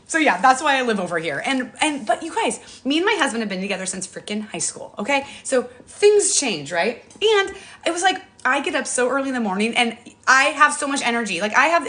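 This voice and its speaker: Chatty, rambling woman livestreaming from home. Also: a little high. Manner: chatty, rambling, animated, laughs often. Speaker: TikTok live streamer. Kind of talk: casual chat on a morning livestream. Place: apartment above a garage.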